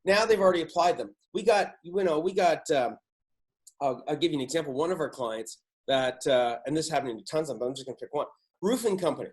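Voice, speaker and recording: A man's voice: fairly high pitch, animated, quick pace, a little mellow. A man hosting a podcast, talking casually in an emphatic, profane way that hammers his points home. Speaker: podcast host.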